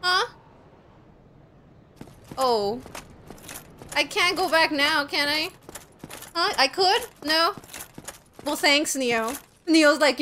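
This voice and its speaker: High, lively woman streamer yelling at games. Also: drawn-out words, pauses often. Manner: excitable, screams and swears at the game; chats with viewers while playing. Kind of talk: live gameplay commentary. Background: loud game music.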